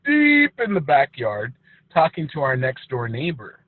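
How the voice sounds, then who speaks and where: Lively, husky man telling stories. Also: mid-range voice, measured pace, dry recording, narrow, tinny audio. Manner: animated storyteller, swears a lot, mock-emotional. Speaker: podcast co-host. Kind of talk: casual chat.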